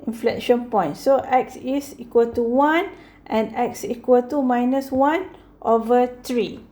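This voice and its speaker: Slow, patient woman teaching math. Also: high voice, darkish tone. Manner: slow and patient, repeats "okay" often; corrects herself mid-sentence. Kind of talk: explaining a math lesson.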